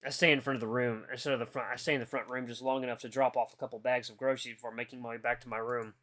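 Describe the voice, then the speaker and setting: A man's voice: mid-range voice, racing. A man hosting a gaming channel, reading a visual novel aloud in first person and tossing in casual asides. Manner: expressive, casual asides between narration. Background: faint guitar music.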